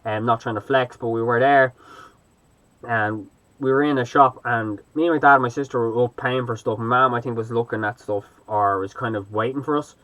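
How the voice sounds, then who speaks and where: A man's voice: mid-range voice, steady tone, brisk, a bit bright, no echo, lo-fi sound. Rambling Irish man, dry close sound. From Ireland. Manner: rambling, loose, hesitant. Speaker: vlogger. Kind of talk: casual vlog commentary.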